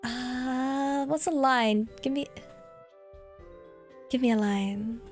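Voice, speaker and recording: A woman's voice: high-pitched, drawn-out words, faint music behind. A woman VTuber streamer chatting casually with her viewers, giggling often and thinking aloud with lots of fillers. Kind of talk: casual livestream chat, reading donations.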